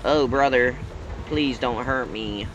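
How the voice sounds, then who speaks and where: A man's voice: medium pitch, slow pace, highs cut off, over loud music. A man giving live gameplay commentary, exclaiming and pleading at other players. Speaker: gaming YouTuber.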